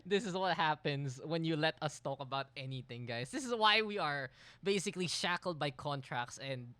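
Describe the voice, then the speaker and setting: A man co-casting an esports match in casual banter, playful and teasing with quick laughs. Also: a little high, animated, sharp tone, clear, resonant tone, no echo. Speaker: esports caster.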